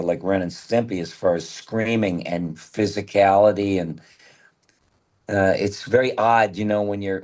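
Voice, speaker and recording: A man in his seventies, a voice actor, telling candid, rambling stories as a guest in a casual interview. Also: lowish voice. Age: 70s.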